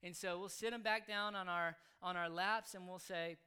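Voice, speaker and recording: A man explaining how he raises his children, speaking earnestly in halting phrases. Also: sits high, fairly even intonation, sharp tone, clean tone. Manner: earnest, halting, with frequent restarts. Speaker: father explaining his parenting. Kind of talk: casual spoken explanation.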